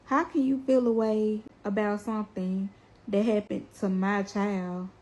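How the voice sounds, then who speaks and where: A woman's voice: mid-range voice, steady tone, measured pace, warm tone, rough recording. A young woman, a mother, talking straight to her viewers in a casual, blunt and earnest way. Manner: earnest, blunt and colloquial, addresses viewers directly. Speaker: mother telling her family's story to viewers. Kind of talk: casual direct-to-camera testimony.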